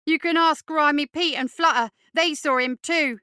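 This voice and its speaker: A woman's voice: high-pitched, bright, forceful tone, no echo, clean studio sound, pitched above the performer's own voice. A woman voicing a bigger street urchin boy, hot-tempered and bashful, insisting in slangy speech. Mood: indignant. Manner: stubborn, indignant, slow insistent slang.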